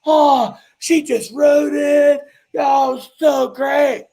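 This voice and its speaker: A loud, crude bragging buddy, as a man puts him on, shouting high and stretching his words out slowly. He sounds boastful and pleased with himself. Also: fairly even intonation, gravelly, exaggerated voice.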